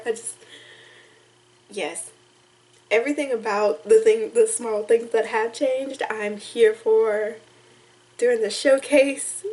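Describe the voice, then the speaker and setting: A young woman vlogging to camera, emotional and tearful, talking in halting, rambling sentences full of restarts. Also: on the high side, darkish tone, low-quality recording. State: tearful, crying on and off. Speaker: vlogger reacting to music. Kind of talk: casual emotional talk to camera.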